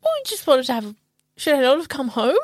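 Female player, playful and giggly, high bright pitch. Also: sing-song, fast talker, dry recording, clean studio sound. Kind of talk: tabletop role-play.

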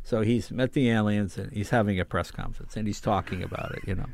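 A man's voice: on the low side, fast, vocal fry. An older man, a comedian, chatting casually and telling anecdotes, acting out the people in them. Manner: animated, acts out voices in anecdotes. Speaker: comedian guest. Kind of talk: casual chat, storytelling.

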